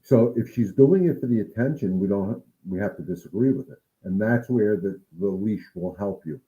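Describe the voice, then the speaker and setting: A man's voice: on the low side, normal speed, mellow, dull audio. A man who trains dogs, talking casually to his viewers in a livestream Q&A, earnest and coaching. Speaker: dog trainer answering viewer questions.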